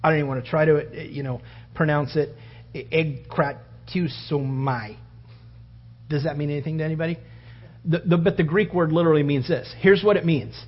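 A man preaching a sermon, acting out the story with loud outbursts and hushed whispers. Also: fairly high pitch, fairly even intonation, moderate pace, slightly rough. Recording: dull lo-fi sound.

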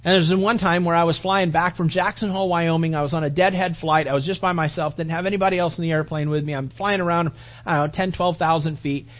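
High-voiced man preaching with animation. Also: fast talker, muffled recording. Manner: animated storytelling preaching, voicing characters, rising loud then dropping soft; conversational anecdote with fillers and restarts. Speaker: pastor. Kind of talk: sermon.

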